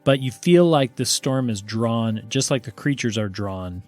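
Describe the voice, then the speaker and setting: A man's voice: medium pitch, expressive, measured pace, a little mellow, soft background music. A man running a tabletop game as game master, narrating playfully and laughing easily.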